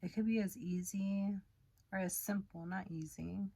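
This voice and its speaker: A woman's voice: medium pitch, fairly even intonation, unhurried, creaky, mellow. A young woman, a hairstylist, chatting frankly and profanely while doing her makeup. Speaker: hairstylist and beauty vlogger.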